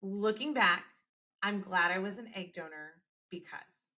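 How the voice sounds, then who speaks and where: A woman hosts a podcast interview, responding to her guests' stories with affirming comments before she moves on to a new question. Her voice sits at an ordinary middle pitch. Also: a little slow. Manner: warm, affirming, with frequent encouraging interjections. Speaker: podcast host. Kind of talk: interview conversation.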